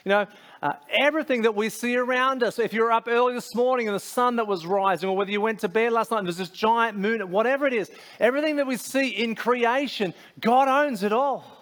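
A man's voice: very high-pitched, a little fast, fairly bright tone. A man preaching a sermon as a pastor, conversational, with frequent fillers and restarts.

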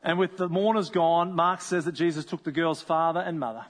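A man's voice: on the high side, steady tone, fairly quick, long reverb tail. A man preaching a sermon, telling a story in a conversational way and acting out the people in it. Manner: conversational storytelling, acts out voices. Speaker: pastor.

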